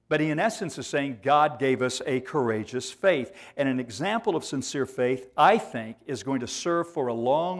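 A man preaching a sermon in church, emphatic, repeating phrases and slowing down on key words. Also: mid-range voice, expressive.

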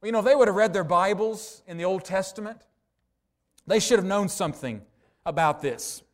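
A man delivers a sermon in a fairly high voice. He speaks earnestly and slows down to linger on the words he wants to land. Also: lively intonation. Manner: earnest preaching, slows down for emphasis. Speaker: pastor.

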